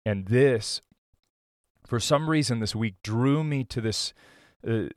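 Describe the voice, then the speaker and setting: Man, pastor, sermon, slow deliberate pace, earnest, dry recording. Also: mid-range voice, no echo. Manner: slow, earnest preaching with many restarts.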